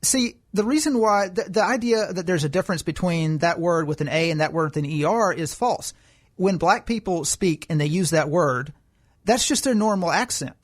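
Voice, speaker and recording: A man's voice: sits high, normal speed. A man co-hosting a political podcast, making his case in an emphatic, lecturing way. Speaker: podcast co-host. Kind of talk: political commentary chat.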